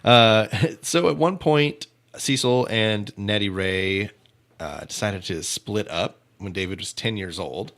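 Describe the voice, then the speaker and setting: A man's voice: fairly low pitch, slow pace, fairly bright tone. A man hosting a true-crime comedy podcast, joking casually and laughing often. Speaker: podcast host.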